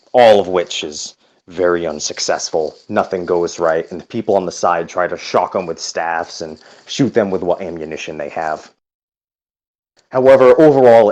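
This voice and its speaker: Male game master, very low voice, steady unhurried narration with filler pauses. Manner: unhurried, with frequent hesitations.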